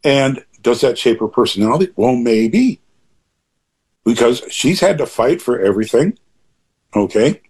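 An older man with a husky, slightly breathy voice at a mid pitch. He talks in a loose, conversational interview style, drifting into asides and restarting sentences. He lands his points with blunt emphasis. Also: lively intonation, measured pace, long pauses, darkish tone. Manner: rambling, with frequent asides and restarts; emphatic and opinionated. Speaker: interview guest.

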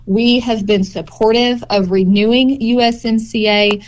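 A woman, a farm group's policy director, giving measured, informative answers in a radio interview. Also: a little high, fairly even intonation.

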